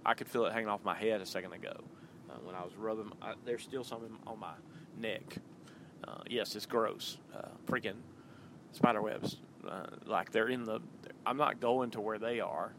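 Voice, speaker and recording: Man, podcast host, low voice with vocal fry, chatty and rambling, talking from his car. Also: fairly even intonation, normal speed, noisy background. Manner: loose and chatty, many ums and uhs. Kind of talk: casual rambling monologue. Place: in a car while driving.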